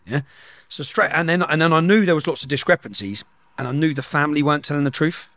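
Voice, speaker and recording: A man's voice: on the high side, fast, fairly bright tone, no echo. A middle-aged man, telling a story at speed in an interview and acting out the dialogue. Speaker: guest.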